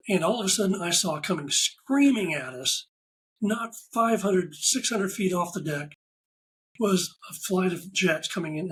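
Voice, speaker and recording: A man talking as a podcast guest. He tells stories in a casual, animated way and acts out the lines of the people in them. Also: a little high, slight background noise, rough recording. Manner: animated anecdotal storyteller, acts out quoted dialogue. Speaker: podcast guest, ride photographer. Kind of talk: casual interview storytelling.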